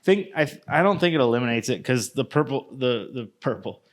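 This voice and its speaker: A man co-hosting a podcast in casual chat, relaxed and profane, laughing easily. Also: medium pitch. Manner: laid-back, profane, quick to laugh. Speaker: podcast co-host.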